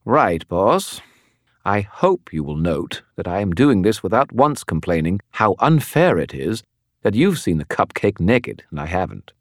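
A man's voice: lowish voice, sing-song, a little slow, no echo, clean studio sound. A man voicing a wisecracking male talking skull spirit with a snarky, teasing manner.

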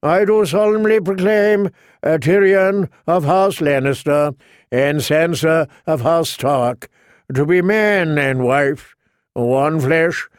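A man voicing a solemn male priest slowly proclaiming a marriage in an audiobook reading. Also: on the high side, clear, resonant tone, dry recording, clean studio sound. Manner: slow, ceremonial, proclaiming.

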